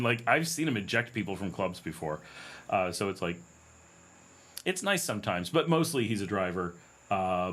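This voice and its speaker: A man's voice: fairly low pitch, a bit bright. A middle-aged American man hosting a casual livestream Q&A, chatty and telling stories with frequent laughs. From United States. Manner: chatty, anecdotal, laughs often, acts out quoted voices. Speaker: livestream host.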